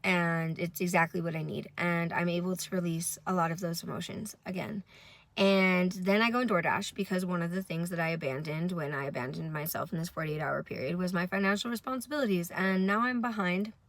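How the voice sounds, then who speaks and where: A woman's voice: on the low side, fairly even intonation, brisk, no room sound. A young woman, tired from little sleep, telling a rambling, profane story to camera in a casual vlog. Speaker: vlogger.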